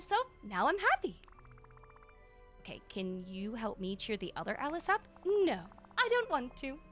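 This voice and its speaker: A woman voicing a cheerful, carefree young girl in a cozy life game, speaking breezily. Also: high voice.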